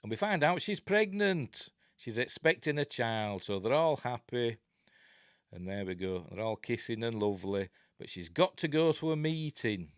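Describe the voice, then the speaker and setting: A man's voice: medium pitch, sing-song, normal speed, smooth, no echo, studio quality. A man with a Yorkshire accent, reviewing a horror film in a rambling, jokey way, full of ums and uhs. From Yorkshire, England. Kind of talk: casual film commentary.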